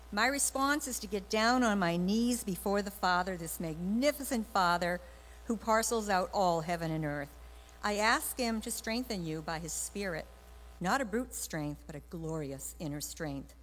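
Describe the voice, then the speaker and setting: A woman with a soft Boston accent reading scripture aloud in a sermon, with dramatic, varied emphasis. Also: medium pitch, big-room sound. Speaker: scripture reader.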